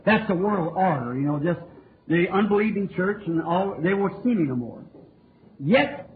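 A man's voice: high-pitched, lively intonation, moderate pace. Fervent preacher man on old tape. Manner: fervent, sing-song preaching with call-and-response. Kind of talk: revival sermon. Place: church tabernacle. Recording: tinny lo-fi old tape with hiss.

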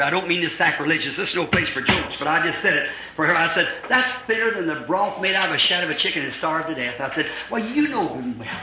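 Preacher, man, fervent revival sermon; pitch soars and dips, lo-fi echoey church recording. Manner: fervent, swings into shouting, acts out scripture voices. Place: church with congregation. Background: congregation responding.

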